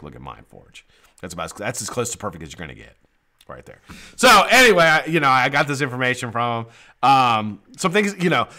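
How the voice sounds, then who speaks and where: Animated male live-stream host. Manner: animated shout-outs to chat viewers, swears casually; laughs often, drops low and quiet when explaining. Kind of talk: casual live-stream chat.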